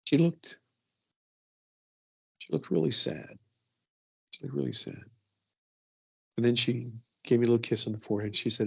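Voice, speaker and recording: A man's voice: fairly low pitch, brisk, creaky, pauses often, husky. A middle-aged man telling a personal story as an interview guest, chatty and full of "you know" asides.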